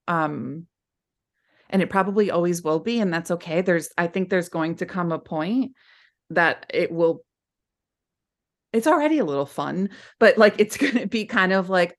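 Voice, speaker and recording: A woman with a fairly low-pitched, animated voice speaks at normal speed as a podcast guest. A former client, she gives candid, heartfelt, rambling answers in the conversational interview, with frequent restarts.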